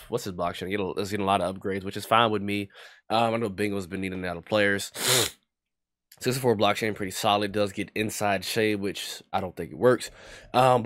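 Low-voiced young man calling his football game. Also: no echo, studio quality. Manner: trash-talking, bursts into loud high yelling when heated. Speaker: gaming YouTuber. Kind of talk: live gameplay commentary.

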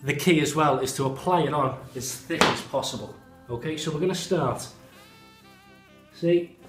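A man's voice: on the high side, normal speed. A young man presenting a mock makeup tutorial in a playful, mock-earnest presenter tone. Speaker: comedy vlogger. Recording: echoey room with faint music.

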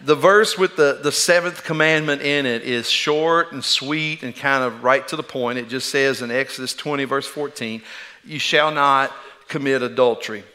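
A man's voice: medium pitch, normal speed, pushed and bright. A middle-aged man preaching a sermon from a church stage, folksy and self-deprecating, with frequent small restarts. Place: church sanctuary.

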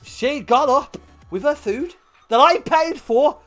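A man's voice: very high-pitched, slow pace, fairly bright tone, soft background music. A man streaming, telling a profane story to chat and laughing often.

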